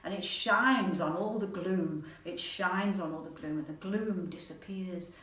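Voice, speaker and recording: A woman storyteller telling a folk tale aloud in a playful, animated manner, repeating words for rhythm. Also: on the low side, measured pace. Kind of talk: oral storytelling. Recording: echoey room, mic at a distance.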